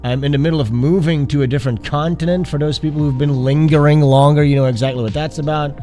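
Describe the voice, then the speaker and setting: An art streamer sick with the flu hosts a casual livestream, his mellow, rather high voice nasal and stuffed-up. He talks fast with fairly even intonation, rambling, swearing and interrupting himself. Faint music plays in the background.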